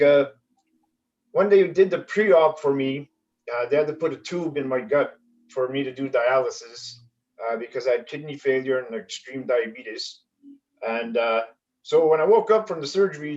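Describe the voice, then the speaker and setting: A man from Canada doing a stand-up comedy set over a video call, with a halting delivery full of fillers. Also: mid-range voice, a little mellow, dull audio.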